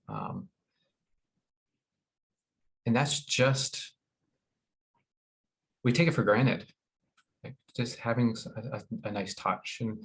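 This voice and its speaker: A man presenting a wellness webinar in an informal, halting way, with many fillers and restarts. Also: fairly low pitch, low-quality recording. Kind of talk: informal educational talk.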